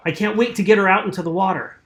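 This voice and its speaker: Man putting on a hearty shipsmith, higher raised voice, roomy echo. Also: fairly even intonation, racing, a bit bright. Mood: admiring. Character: admiring human shipsmith, hearty.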